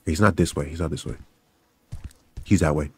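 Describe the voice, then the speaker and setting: A man's voice: rumbling low, normal speed, slight background noise. A young man giving panicky, joking commentary on a horror game, repeating lines over and over and swearing. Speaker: gaming YouTuber.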